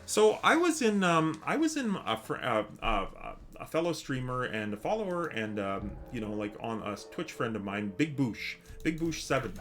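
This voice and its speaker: A man's voice: mid-range voice, big pitch swings, normal speed, few pauses, a bit bright. A man streaming a game, chatting casually with viewers in a rambling, hesitant way with many restarts. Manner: chatty with viewers, reads chat aloud. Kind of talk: casual live-stream chat.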